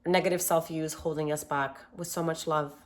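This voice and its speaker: A woman hosting a self-love workshop, leading a guided meditation with gentle, affirming words in a calm manner. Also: deep voice, normal speed.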